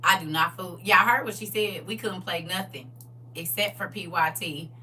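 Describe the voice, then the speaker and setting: A woman's voice: on the low side, moderate pace, distant mic, slight background noise. A middle-aged woman hosting a live stream, chatting casually and laughing a lot. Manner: animated, laughing, exclaiming. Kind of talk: casual chat.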